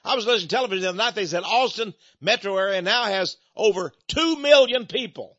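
A man's voice: sits high, fast, a bit bright, no room sound. An older man hosting a talk show, delivering a rambling political commentary monologue and repeating words when he gets heated. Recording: dull lo-fi dry sound.

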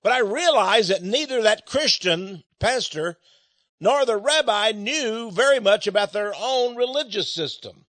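Animated high-voiced male preacher. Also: a little slow, no echo. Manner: animated, repeats words, chuckles. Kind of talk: sermon.

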